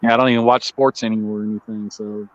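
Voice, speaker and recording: Fast and steady in tone, this man's medium-pitched voice carries a slight background noise. As co-host of a livestreamed coin auction, he stays relaxed, laughs a lot and chats with viewers, saying hello to them, all over somewhat dull lo-fi stream audio.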